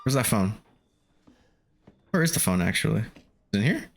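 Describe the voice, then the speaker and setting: Man, game streamer, casual commentary, frequent swearing, laughing, lively pitch. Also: normal speed, gravelly. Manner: swears freely, laughs often, chatty.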